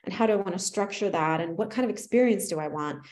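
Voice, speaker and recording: A woman's voice: lowish voice, quick pace, darkish tone. A woman podcast host and artist, chatting casually and affirming her guest with enthusiasm. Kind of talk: casual conversational interview.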